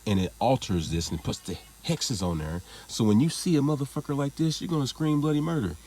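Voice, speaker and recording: A man's voice: medium pitch, a little fast, a little mellow. A man talking in a casual monologue vlog, rambling and profane, laughing things off as he goes. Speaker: vlogger.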